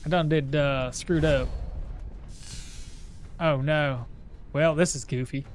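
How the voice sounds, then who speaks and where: Guy faking a bumbling southern drawl, grumbly and folksy, kinda high voice. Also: steady tone, slow, a little hiss or hum. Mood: sheepish. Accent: put-on American Southern. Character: goofy bumbling southern-drawl man, self-mocking. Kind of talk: playful accent put-on during gameplay.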